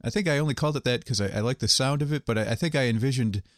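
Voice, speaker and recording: A man's voice: mid-range voice, very fast, no echo, studio quality. A man who is a guest on a podcast, chatting easygoing and a little hesitant, with many fillers. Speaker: podcast guest, retro game channel owner. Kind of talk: casual chat.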